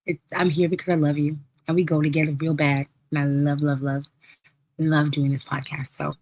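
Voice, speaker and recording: A woman hosting a live podcast stream, her voice a little hoarse as she recovers from losing it, chatting casually and playfully with listeners. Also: sits low, fairly bright tone, rough recording. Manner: chatty, laughing, storytelling with playful quoted asides. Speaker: podcast host.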